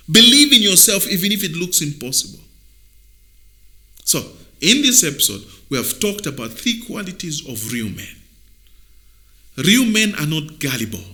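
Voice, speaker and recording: A man hosting a motivational video, speaking emphatically like a preacher, dropping to near-whispers and then rising loud. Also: fairly high pitch. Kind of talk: motivational talk.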